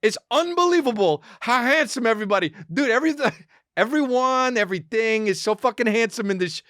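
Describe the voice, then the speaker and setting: A man hosting a podcast, riffing in a rambling comic monologue, excitable and profane, with quick acted asides. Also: very high voice, dry recording, clean studio sound. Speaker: podcast host.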